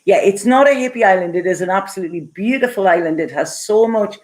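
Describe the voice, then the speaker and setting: A middle-aged woman chats her way through a live tarot reading, picking up viewer comments as she goes. She rambles and laughs often, with plenty of fillers. Her voice sits at an ordinary middle pitch. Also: expressive, fast talker, a little mellow. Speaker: tarot reader.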